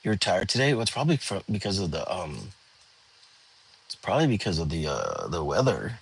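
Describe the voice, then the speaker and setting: A tired young man, hosting a relaxed livestream and chatting with viewers from home. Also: sits low, fairly quick, gravelly, husky. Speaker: livestream host. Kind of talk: casual livestream chat. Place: home, lying down.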